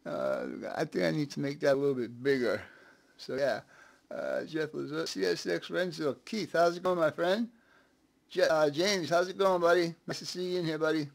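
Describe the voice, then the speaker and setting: A man's voice: fairly high pitch, normal speed, vocal fry. A man hosting a casual live stream, chatting, laughing often and greeting viewers one by one.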